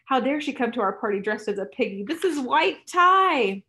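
A woman's voice: sits high, sing-song, normal speed, voice pushed up. A woman voicing a group of mocking teenage partygoers who call out in a taunting sing-song.

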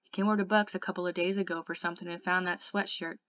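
A woman voicing a tough, gruff teenage greaser boy who talks in curt slang. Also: on the low side, little pitch movement, fast talker, a bit bright, dry recording, dull audio, close to an everyday voice. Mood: blunt.

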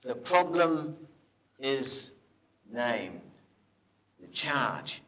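Slow-paced preacher telling stories. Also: male voice, medium pitch, poor audio. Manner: animated storytelling, drops to a hush for quoted lines; asks the congregation rhetorical questions. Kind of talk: sermon.

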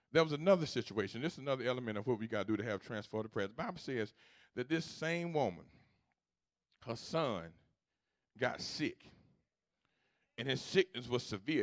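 A man preaching a sermon as pastor, moving from quiet storytelling to loud, repetitive exhortation. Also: mid-range voice, no echo, clean studio sound. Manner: swings from hushed storytelling to loud preaching, repeats phrases. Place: church sanctuary.

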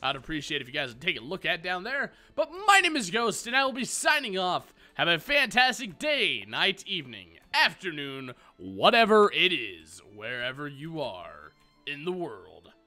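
A young man gives casual, rambling let's-play commentary, poking fun at himself as he goes. His voice is very bright and swings widely in pitch, sitting a little high for a man. Soft music runs underneath. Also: very animated, normal speed. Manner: rambling, self-mocking jokes. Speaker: gaming YouTuber.

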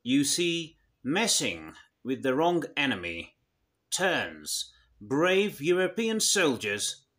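A man's voice: on the high side, sing-song, slow, a bit bright. A man hosting a satirical comedy show, delivering a mock-serious monologue with exaggerated emotional swings.

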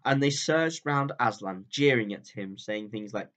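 A male teacher reading a chapter of a children's book aloud in a calm, steady storytelling voice that drops low at the ends of sentences. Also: measured pace.

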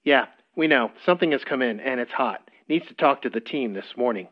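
A man's voice: medium pitch, lively intonation, a little fast, close to an everyday voice. A man voicing a curt, businesslike male office staffer on a phone call.

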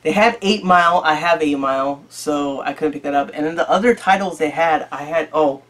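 A man's voice: on the high side, a little fast, fairly bright tone. A man hosting a casual video about his disc collection, rambling and joking with frequent swearing. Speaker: YouTube collector channel host. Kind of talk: casual chat.

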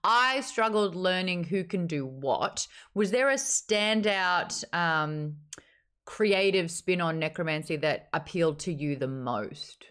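A woman's voice: on the low side, animated, slow pace, fairly bright tone. A woman hosting a live book club stream, chatting casually, teasing and laughing often. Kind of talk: casual chat.

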